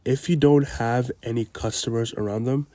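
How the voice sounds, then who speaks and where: A man walks through a recorded sales pitch step by step, in the steady tone of a coach. His voice sits in the middle of the male range. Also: normal speed. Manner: explanatory, coaching tone, says "boom" to mark each step. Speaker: sales trainer. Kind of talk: instructional breakdown of a sales pitch.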